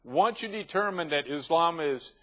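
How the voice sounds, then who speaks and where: A man's voice: a little high, animated, normal speed, fairly bright tone, rough recording. A man hosting a talk show, delivering emphatic, ranting commentary and stacking long lists.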